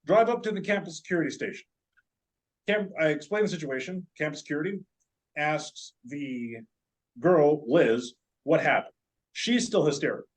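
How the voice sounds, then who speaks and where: A man's voice: on the high side, animated, moderate pace, low-quality recording. A man, a podcast guest, telling a long story in casual, joking, profane chat.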